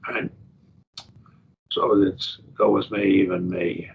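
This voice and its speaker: Male Bible teacher, gravelly, thinks aloud over Greek words; dull lo-fi class tape. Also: on the low side, flat delivery. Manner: explains Greek word by word, slow and thinking aloud. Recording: dull lo-fi classroom recording with faint noise.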